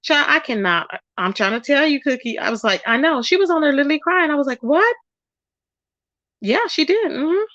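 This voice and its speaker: A woman's voice: fast, few pauses, no room sound, dull audio. Chatty gossiping woman livestreamer. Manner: chatty, gossipy, reads out chat comments; animated, quotes people with rising pitch. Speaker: livestream host. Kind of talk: casual livestream chat.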